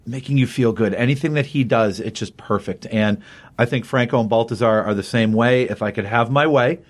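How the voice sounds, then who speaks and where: A man's voice: medium pitch, a little fast. Enthusiastic man recapping comics. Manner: enthusiastic, rambling with fillers and restarts. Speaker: comic book podcast co-host. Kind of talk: casual chat, recapping a comic.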